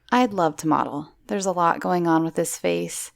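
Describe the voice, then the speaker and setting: Low, gravelly woman reading horror stories. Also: moderate pace, dry recording, clean studio sound. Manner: wry, swearing asides between story lines. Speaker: horror story narrator.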